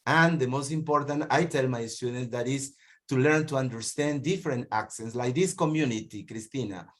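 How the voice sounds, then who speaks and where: A man's voice: mid-range voice, normal speed. Brief: man from Peru, Peruvian accent, video-call host, friendly, rambles and repeats himself. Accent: Peruvian (Piura). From Piura, northern Peru. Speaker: meeting host and university teacher. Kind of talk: hosting an online meeting.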